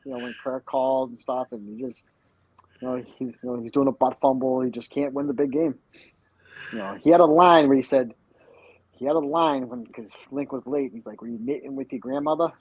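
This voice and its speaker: A man's voice: medium pitch, expressive, fairly quick, vocal fry, slightly rough, no echo, highs cut off. A man hosting a podcast, telling a rambling, profane and spiteful story in crude casual banter. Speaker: podcast host.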